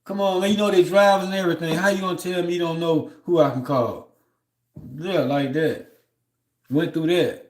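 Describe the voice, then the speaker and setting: A man's voice: on the high side, fairly even intonation, moderate pace. Man rambling in a roomy echo. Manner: loose, rambling, repeats "you know what I'm saying"; heated and aggrieved when telling of mistreatment. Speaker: livestream host. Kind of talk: casual storytelling on a livestream.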